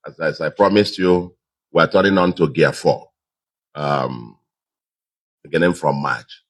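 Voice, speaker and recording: Deep-voiced Nigerian man giving a speech. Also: a little slow, pauses often. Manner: emphatic, repeats phrases for stress. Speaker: governor. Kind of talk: acceptance speech to a crowd.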